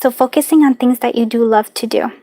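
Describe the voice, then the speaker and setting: A woman doing a live card reading, talking in a warm, chatty, reassuring way with lots of fillers and little laughs. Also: a little high, fairly even intonation, a little fast. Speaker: tarot and charm reader.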